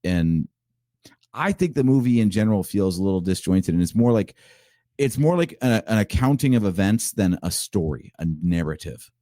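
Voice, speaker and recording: A man in casual podcast chat, cracking jokes and walking through his reasoning. His voice is fairly low and mellow. It is recorded dry and close. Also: expressive, moderate pace, no echo. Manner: joking, analytical. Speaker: podcast co-host.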